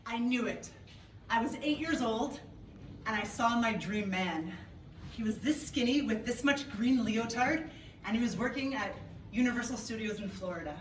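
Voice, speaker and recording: A woman's voice: a little high, moderate pace. A woman in her thirties from Canada, telling a comic story on stage and talking to the audience. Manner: playful, lively, talks to the audience. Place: event hall before a live audience. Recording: echoey hall, mic from a distance, noisy.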